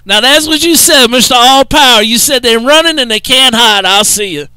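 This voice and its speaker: A man's voice: extremely high pitch, moderate pace, noisy background. A man relaying CB radio banter, drawling, repeating and laughing at what others say. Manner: drawling Southern trucker talk, laughing, repeating others' words.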